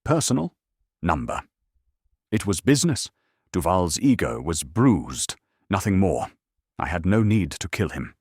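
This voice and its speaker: A man voicing a composed, defiant French businesswoman with a faint French accent and a crisp manner. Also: deep voice, very animated, a little slow, long pauses, a little mellow, dry recording, studio quality, heavily acted.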